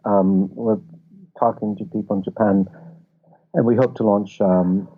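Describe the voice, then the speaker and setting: Film festival founder, male, low husky voice, explains through anecdotes; audio sounds tinny and phone-like. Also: steady tone, unhurried. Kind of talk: casual interview chat. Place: office.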